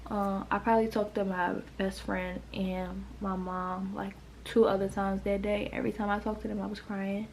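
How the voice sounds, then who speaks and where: A woman's voice: mid-range voice, flat delivery, normal speed, few pauses, darkish tone, slight background noise, rough recording. A woman in her late teens from the United States, telling an emotional storytime in a rambling way, full of "like". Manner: emotional, rambling, heavy use of "like". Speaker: vlogger. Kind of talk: storytime vlog.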